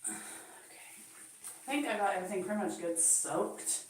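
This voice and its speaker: Cleaning her bathroom at home, a channel host chats with live viewers, laughs a lot and talks to her cat. She has a mid-range, animated voice at a moderate pace, heard from a distance in an echoey room with faint background noise.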